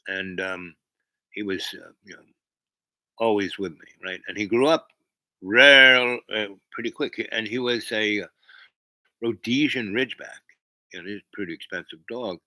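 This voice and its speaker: A man's voice: fairly low pitch, unhurried, pauses often, sharp tone, no room sound, low-quality recording. A man hosting a livestream, telling a meandering story to his chat with many fillers and restarts. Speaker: livestream host.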